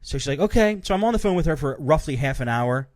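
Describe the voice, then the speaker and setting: A man's voice: mid-range voice, animated, quick pace, dry recording, clean studio sound. A man hosting a podcast, telling a story in a casual rant and acting out both sides of his phone calls. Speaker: podcast host.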